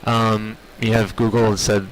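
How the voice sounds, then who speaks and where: A man speaking for an industry group, explaining technology trends in a measured way with many filler words. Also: on the low side, flat delivery, a little hiss or hum, low-quality recording. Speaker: industry spokesperson. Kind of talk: on-site interview.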